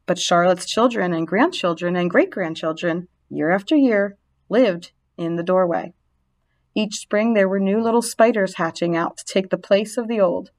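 A woman narrating a storybook reading aloud, gentle and expressive. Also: mid-range voice, normal speed.

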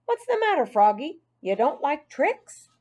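A woman's voice: high voice, very animated, a little slow, a little mellow, highs cut off, voice pushed up. Woman voicing a friendly middle-aged custodian. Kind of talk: audiobook character voice.

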